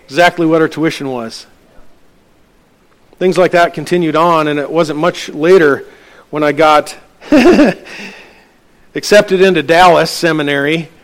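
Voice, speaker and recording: Middle-aged pastor preaching a story. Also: male voice. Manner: storytelling, acting out dialogue with lifted pitch. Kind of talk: sermon.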